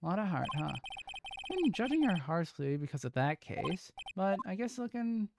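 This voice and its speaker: A woman's voice: fairly low pitch, very animated, normal speed, vocal fry, background noise. A woman voicing a young male lawyer in her own voice, muttering dry asides while reading game dialogue aloud. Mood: wry. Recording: game music behind.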